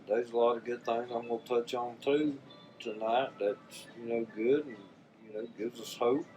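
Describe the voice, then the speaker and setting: In a rough recording, an older man of medium pitch speaks with a Southern US accent. The vlogger addresses his viewers casually and from the heart, wandering in a folksy way and repeating his words a lot.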